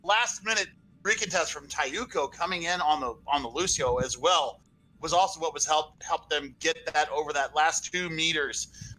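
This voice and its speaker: A man giving live esports color commentary over an online call, out of breath, excitable and gushing with many fillers. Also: fairly high pitch, normal speed, faint music behind, rough recording.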